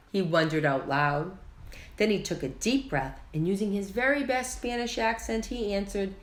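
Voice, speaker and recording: A woman reading a children's picture book aloud, slow and expressive, with lively character voices. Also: mid-range voice. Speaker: children's story reader. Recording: echoey room.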